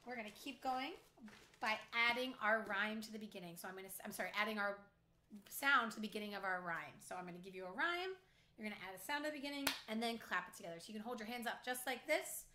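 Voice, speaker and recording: A woman teacher leading a phonics lesson for young children, clearly sounding out words letter by letter. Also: a little high, expressive, brisk, pushed and bright. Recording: echoey room.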